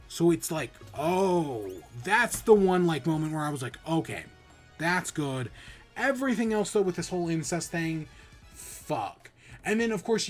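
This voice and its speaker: A man hosting a podcast, giving a casual, rambling spoiler review with frequent swearing, restarts and acted-out reactions. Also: a little high. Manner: rambling, profane, animated retelling with many restarts. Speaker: podcast host.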